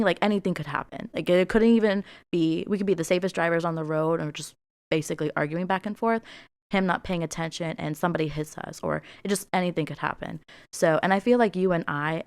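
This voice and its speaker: A woman's voice: deep voice, smooth, no echo. A young woman co-hosting a podcast, talking openly and emotionally with lots of fillers and restarts. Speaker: podcast co-host. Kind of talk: casual podcast chat.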